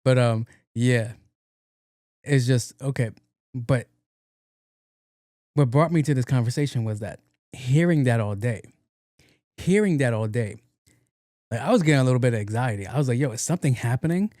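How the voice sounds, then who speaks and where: Brief: young NY man, solo podcast host, loose and profane, mid-pitched, dry close sound. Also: moderate pace, pauses often, warm tone, no echo. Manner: rambling, profane, slangy, acts out quotes. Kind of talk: casual solo podcast chat.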